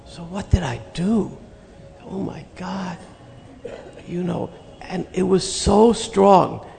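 Older guy telling a heartfelt story, super gravelly, reflective, big echoey hall. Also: high-pitched, expressive, background noise. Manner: earnest, reflective, slow-building pauses. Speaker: spiritual teacher recounting memories. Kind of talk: personal storytelling talk.

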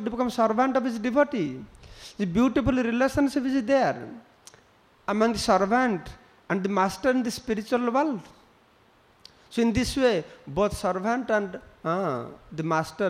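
Male preacher, high pitch, storytelling sermon. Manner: storytelling with acted quotes, non-native English phrasing. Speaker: spiritual teacher.

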